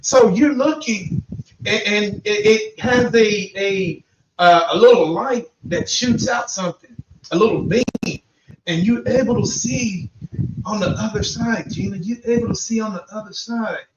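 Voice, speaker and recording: High-voiced man host spinning a story. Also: unhurried. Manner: animated, spins a hypothetical story, repeats guest's name. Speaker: podcast host. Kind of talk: casual storytelling to a guest. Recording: roomy, distant, muffled live stream with noise.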